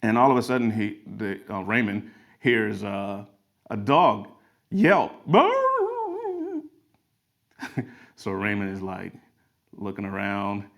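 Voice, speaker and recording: A man's voice: on the low side, unhurried, creaky, a bit bright. A man telling folksy parable-like stories as a motivational talk, in a garage converted into a studio. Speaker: creative studio owner. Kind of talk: motivational storytelling.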